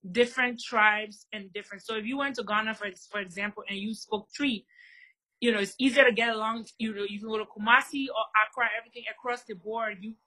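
A woman from Liberia, a guest in an interview, explaining her culture in lively conversation with plenty of examples. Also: fairly high pitch, fast, low-quality recording. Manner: animated storyteller, explains with examples.

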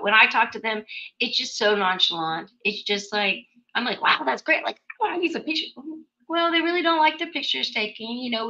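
A woman's voice: medium pitch, bright, forceful tone. A woman hosting a talk show, chatty and easygoing as she reads out listener questions. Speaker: radio show host. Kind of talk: casual chat. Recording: dull lo-fi audio.

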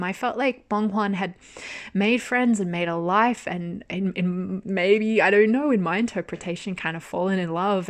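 A young woman hosting a podcast, chatting casually and animatedly about a drama, laughing often and swearing now and then. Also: mid-range voice. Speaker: podcast host. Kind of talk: casual drama review monologue.

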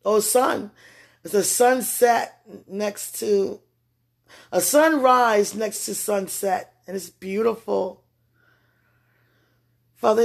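Freshly woken at home, a spiritual vlogger gives a spontaneous message spoken straight to God. The medium-pitched voice is husky and gravelly with a rough edge. The rambling, emotional talk leaps into excited outbursts, then sinks into soft murmuring.

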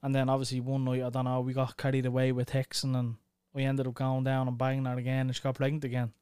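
A man's voice: medium pitch, monotone, quick pace, darkish tone, clean tone, dry recording, clean studio sound. A young man hosting a casual chat, blunt and crude in his banter. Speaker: podcast host.

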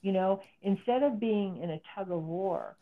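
A woman's voice: mid-range voice, moderate pace. A middle-aged woman psychotherapist explaining as an interview guest, earnest and explanatory. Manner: earnest, explanatory, acts out quoted speech. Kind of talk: interview conversation. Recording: phone-like narrow sound.

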